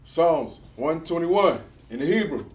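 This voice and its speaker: A man's voice: on the high side, lively intonation, a little slow. A man leading a call-and-response reading of prayers and psalms, stumbling and restarting on hard words. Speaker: prayer leader. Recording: echoey room with faint noise.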